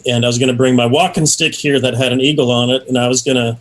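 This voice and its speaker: Soft hesitant guest guy, mid voice. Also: medium pitch, fairly even intonation, fast. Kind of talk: casual chat.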